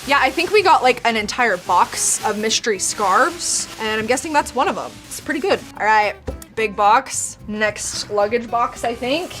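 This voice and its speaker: A woman's voice: fairly high pitch, lively intonation, moderate pace, fairly bright tone, faint music behind. A young woman hosting a casual unboxing vlog, bubbly and laughing often. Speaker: vlogger host.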